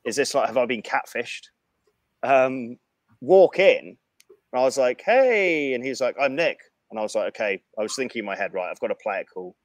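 A man telling a profane anecdote in casual chat, animated and frank. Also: medium pitch, fairly quick, no room sound. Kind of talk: casual storytelling.

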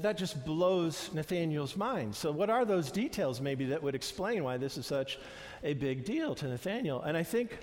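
A man preaching a conversational sermon, retelling scenes with animated voices and many fillers and restarts. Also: on the high side, in a large hall. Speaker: pastor.

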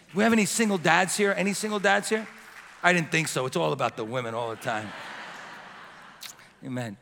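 Pastor, man in his fifties, bright ringing voice, sermon in a church with long reverb. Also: fairly high pitch, lively intonation, fairly quick, gravelly, long pauses. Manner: passionate, building to shouts and dropping to soft prayer. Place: church sanctuary.

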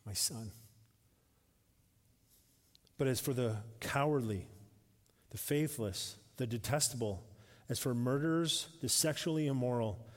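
A male pastor preaching a sermon. He grows emphatic and louder when reading scripture and drops softly for asides. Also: unhurried, long pauses. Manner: drops to a soft, low voice for asides. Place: church sanctuary. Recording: reverberant church hall.

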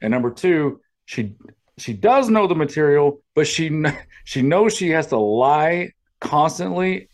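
A man co-hosting a casual podcast, rambling and sarcastic, swearing often, on a podcast microphone. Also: fairly high pitch. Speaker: podcast co-host. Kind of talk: casual profane podcast chat.

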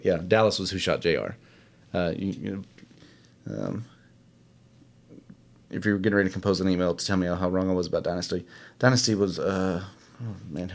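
A man hosting a casual solo show, rambling and self-deprecating with many fillers. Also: deep voice. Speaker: podcast host. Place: home studio, alone.

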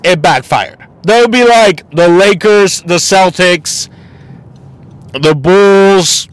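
A man's voice: sits high, slow, clean tone, no echo. A man hosting a casual solo podcast, ranting bluntly and mockingly with plenty of swearing. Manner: mocking and exasperated. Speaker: podcast host.

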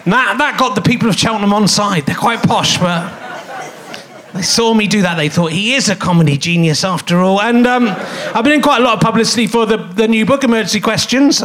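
Live on a theatre stage, a man hosts a comedy podcast, rambling through self-mocking stand-up stories and chuckling at his own jokes. His voice is high and fairly bright.

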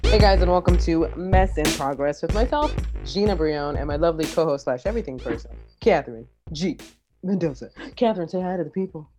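A woman's voice: lowish voice, a little fast, music in the background. A woman hosting a podcast in casual, playful chat, telling stories with a laugh. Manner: playful, laughs often, animated storytelling. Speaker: podcast host.

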